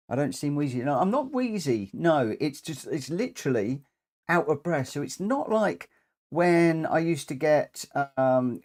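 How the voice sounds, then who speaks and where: A man's voice: medium pitch, a little mellow. A man chatting through a live racing game stream, rambling with frequent ums, a bit short of breath and coughing now and then. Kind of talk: live gameplay commentary.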